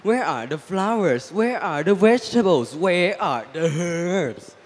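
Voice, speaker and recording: A young man playing a smooth-talking male stranger who sells things, in a school readers' theatre. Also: high voice, animated, measured pace, big-room sound. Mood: coaxing. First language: Thai.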